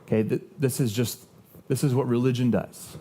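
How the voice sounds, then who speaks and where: A man's voice: medium pitch, fairly even intonation, normal speed, mellow, husky. A young adult man preaching a sermon as pastor, earnest and conversational, telling personal stories with frequent restarts. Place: church sanctuary.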